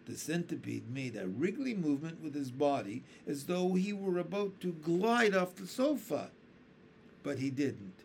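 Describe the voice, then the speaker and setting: Guy reading a kids book aloud, slow, really animated, faint hiss behind. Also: on the high side, vocal fry. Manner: expressive storytelling. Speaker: reader.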